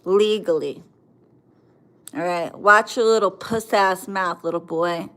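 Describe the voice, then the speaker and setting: A woman's voice: fairly low pitch, slow, a bit bright. Profane woman in her forties ranting. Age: 40s. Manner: profane, confrontational, mocking. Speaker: livestream host. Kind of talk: angry ranting at commenters.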